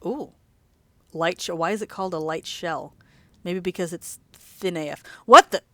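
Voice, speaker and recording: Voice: medium pitch, normal speed, a bit bright, no room sound. Sleepy late-night gamer rambling while playing, chatty, laughs a lot, says y'all, dry close mic. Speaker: let's play host. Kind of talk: casual gameplay commentary.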